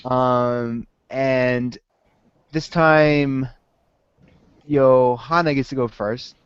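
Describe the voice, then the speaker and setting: A man hosting a comedy panel game, calling on contestants in a brisk, dry way. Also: mid-range voice, steady tone, smooth, no echo. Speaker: game show host. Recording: muffled lo-fi recording.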